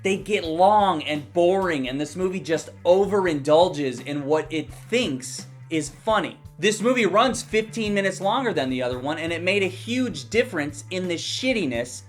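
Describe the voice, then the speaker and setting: A man's voice: high-pitched, animated, normal speed, hardly any pauses, faint music behind. Heated, profane young male movie critic. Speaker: movie reviewer. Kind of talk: ranting movie review.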